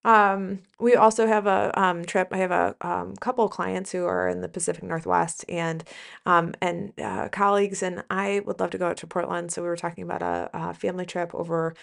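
A woman's voice: lowish voice, moderate pace, gravelly. A woman hosting a podcast, talking casually in a rambling, chatty way with lots of fillers and self-corrections. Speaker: podcast host and business coach for nurses.

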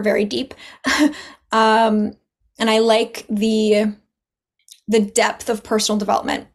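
A chatty woman talks as a podcast guest. Her voice sits a bit high, and she acts out quoted dialogue as she goes, laughing often. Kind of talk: casual podcast chat.

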